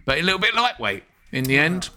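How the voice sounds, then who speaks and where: Animated man hosting a chat. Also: a little high, fast. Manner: animated, reads listener emails with laughs. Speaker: podcast host. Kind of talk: casual chat.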